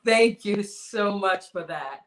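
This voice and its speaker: A woman's voice: mid-range voice, lively intonation, slow pace, reverberant, poor audio. A woman hosting a book launch, speaking graciously and emphatically as she introduces speakers. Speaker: event host.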